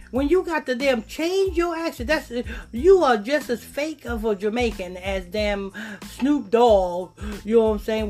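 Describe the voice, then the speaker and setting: A man hosting a podcast, ranting and mocking in a loud, profane way and laughing at his own jokes. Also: extremely high pitch. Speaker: podcast host. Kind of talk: ranting commentary on played clips.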